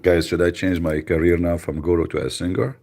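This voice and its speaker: A man hosting a live radio show, chatting casually with mocking, rambling, deadpan asides. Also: low voice, brisk, creaky. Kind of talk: casual joking livestream chat.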